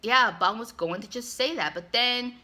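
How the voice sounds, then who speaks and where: A woman's voice: on the high side, normal speed, pushed and bright. A woman giving a casual, sarcastic recap full of "like" and asides, talking like a regular host. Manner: sarcastic, chatty, lots of "like". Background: music.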